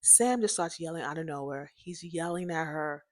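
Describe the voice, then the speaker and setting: A woman's voice: low voice, normal speed, no echo, studio quality. Chatty young woman telling a story. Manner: chatty, animated, addresses listeners as "y'all", laughs often. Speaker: podcast host. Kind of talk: casual storytelling to listeners.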